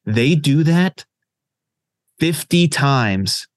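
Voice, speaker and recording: A man's voice: fairly high pitch, expressive, very slow, dry recording, clean studio sound. A man co-hosting a casual podcast, ranting heatedly and swearing a lot. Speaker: podcast co-host. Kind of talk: casual chat.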